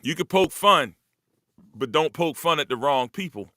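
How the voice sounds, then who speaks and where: A man speaking hosts a casual live talk, loose, profane and rambling. His voice is bright and forceful and a little high. It is close-miked and dry, with no room around it. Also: animated, normal speed, no echo. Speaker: host. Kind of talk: casual monologue to a live audience.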